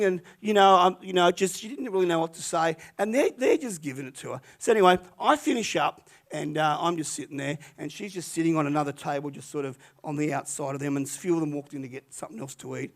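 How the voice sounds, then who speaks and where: An older man, a retired pastor, tells a story from the pulpit in a chatty, animated way. His voice sits a little high for a man, and he often restarts his sentences as he goes. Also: a little fast, creaky. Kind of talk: sermon storytelling.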